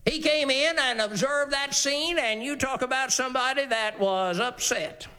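A man preaching with great animation, his voice sitting very high and sounding bright and forceful. He slips into the characters of the story as he goes and reads scripture slowly and deliberately. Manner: reads scripture in slow King James cadence. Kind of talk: sermon.

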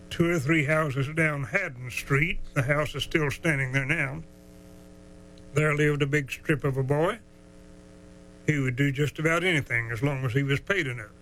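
A man telling a folksy tale, drawling and chuckling as he goes, slowing down for the dramatic parts. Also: on the high side, bright, forceful tone, slight background noise, rough recording. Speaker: storyteller. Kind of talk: folksy storytelling.

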